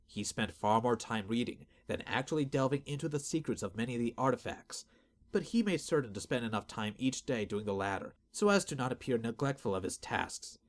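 A man giving steady, measured scripted narration of a fantasy audiobook. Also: fairly low pitch.

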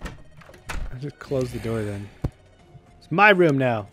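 Young dude commenting on his game, super animated, gets mad and yells a lot. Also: mid-range voice, slow, music in the background. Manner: excitable, shouts at enemies in frustration. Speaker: let's play gamer. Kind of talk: gameplay commentary.

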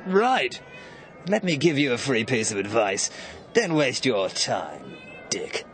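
A man's voice: mid-range voice, big pitch swings, slow pace, a bit bright, slight background noise. A man playing a smug, sneering rich banker villain in a school pantomime. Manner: boastful, sneering.

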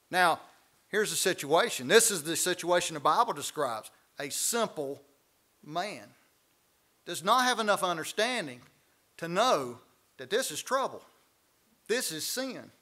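A man leading a church Bible study, preaching with animated, folksy asides. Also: high-pitched. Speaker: pastor.

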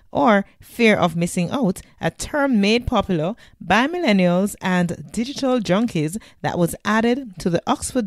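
A woman's voice: medium pitch, no room sound, clean studio sound. A woman hosting an interview podcast, bubbly, playful and teasing. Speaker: podcast host.

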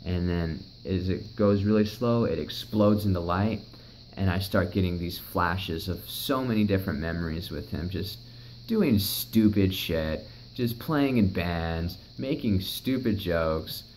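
A man's voice: low voice, measured pace, a little mellow, slight background noise, low-quality recording. A young man recounting a personal story in a rambling, emotional way, swearing often. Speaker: vlogger.

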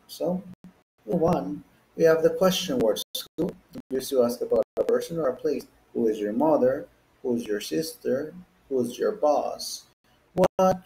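A man's voice: mid-range voice, gravelly, mellow, roomy sound, a little hiss or hum, rough recording. A man teaching an English lesson, explaining and modeling example phrases and their stress. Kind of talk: classroom lesson.

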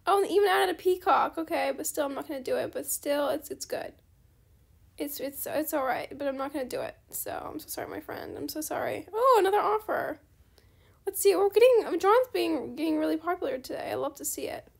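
High, gravelly-voiced chatty woman gamer. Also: fast. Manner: chatty, apologetic, easily excited. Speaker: gaming channel host. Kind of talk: casual gameplay commentary.

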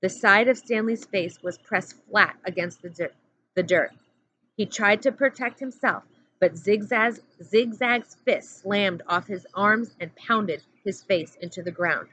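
A woman teacher reading a chapter book aloud in a steady, plain narrating voice. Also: mid-range voice, measured pace. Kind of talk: storybook read-aloud. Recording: dull lo-fi audio with faint hum.

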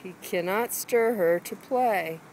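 A woman's voice: medium pitch, slow, darkish tone, a little hiss or hum. A woman filming her dogs in a backyard on a handheld camera, calling and coaxing them in a sing-song voice. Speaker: dog owner filming her pets. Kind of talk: casual home video narration. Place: backyard outdoors by a fence.

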